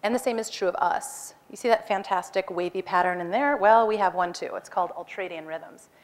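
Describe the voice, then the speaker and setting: A woman in her forties giving a talk on stage, lively and acting out her own lines with a raised voice. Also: mid-range voice, a little fast. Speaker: speaker. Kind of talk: animated personal storytelling talk.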